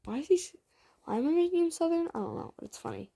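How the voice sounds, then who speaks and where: A woman's voice: extremely high pitch, lively intonation, fast talker, gravelly, warm tone. A woman improvising a fan-fiction story, rambling casually with many asides and fillers. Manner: rambling, lots of "like", self-commenting.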